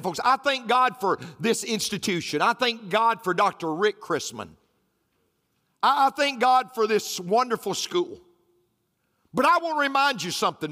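A man preaching with bright, ringing energy and a voice that leaps up high and swoops low. He repeats himself for emphasis and works in folksy humor. The sound carries a long hall echo with faint music underneath. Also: expressive, normal speed. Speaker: pastor. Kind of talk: sermon.

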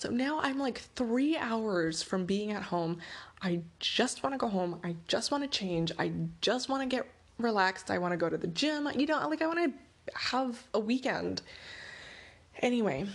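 Woman in middle age, casual anecdote on air, animated, exasperated, mid-range pitch. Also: husky. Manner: animated, exasperated, swings between loud exclaims and hushed asides. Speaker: storyteller. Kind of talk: casual personal story told on air.

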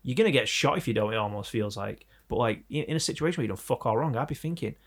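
Young English man chatting casually, rapid-fire and crude, with a rough, gravelly edge. He tells stories with heat and swears freely. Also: medium pitch. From England. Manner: animated, sweary storytelling. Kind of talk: casual chat.

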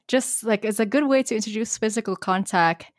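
A woman's voice: fairly high pitch, dry recording, studio quality. A woman co-hosting a podcast, giving advice in casual chat with many fillers. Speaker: podcast co-host giving dating tips.

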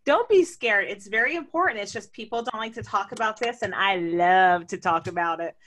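A woman co-hosting a podcast, talking candidly and playfully and laughing often. She walks her listeners through things step by step in a relaxed, chatty way. Her voice sits at an ordinary middle pitch for a woman. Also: brisk. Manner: explains step by step. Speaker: podcast co-host. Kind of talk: casual chat.

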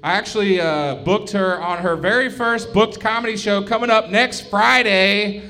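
A man's voice: high voice, normal speed, bright, forceful tone. A man hosting a live stand-up show in a comedy club, bantering loosely and cursing with the crowd.

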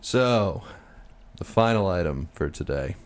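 Lively, profane male podcast host. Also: measured pace. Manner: profane, laughs often, swings his pitch animatedly. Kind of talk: casual comedic chat.

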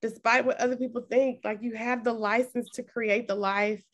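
A woman's voice: fairly high pitch, steady tone, normal speed. A woman hosting a casual interview, emotional and effusive, close to tears as she talks. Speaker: podcast host and coach.

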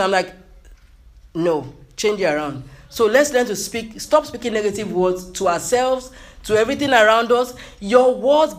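A man preaching a motivational sermon with emphasis, repeating key phrases and calling out hallelujah. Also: high voice.

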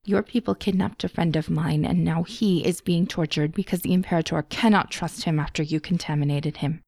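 A woman's voice: lowish voice, fairly even intonation, a little fast, gravelly, darkish tone, no room sound. A woman voicing a cold alien interrogator who speaks in a stiff, formal way.

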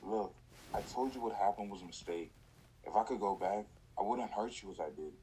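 A man's voice: lowish voice, brisk, dark tone, a little hiss or hum, natural voice, low-quality recording. A man playing a remorseful young man pleading with a woman in a drama rehearsal.

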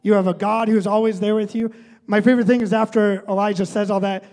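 Pastor guy, pretty high voice, chatty sermon, lots of "right?", big echoey church hall. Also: little pitch movement, quick pace, darkish tone. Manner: conversational, often adds "right?".

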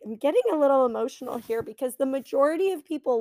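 A woman's voice: sits high, animated, fast, few pauses, a little mellow, dry recording, clean studio sound. A middle-aged woman hosting a solo podcast, talking in an earnest, encouraging and heartfelt way. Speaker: podcast host and coach. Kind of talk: reflective solo podcast talk.

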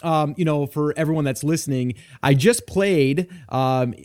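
A man's voice: a little high, unhurried, darkish tone, clean tone. A man hosting a podcast, introducing a voicemail and then interviewing a guest in an upbeat, chatty way with plenty of fillers. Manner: upbeat, laughs often, filler-heavy. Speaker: podcast host.

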